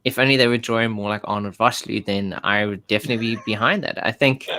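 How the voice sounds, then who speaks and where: A man's voice: fairly low pitch, fairly even intonation, fast talker, pushed and bright. A South African man co-hosting a casual podcast, talking with frequent ums and restarts. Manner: hesitant, many ums and restarts. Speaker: podcast co-host. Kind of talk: casual chat.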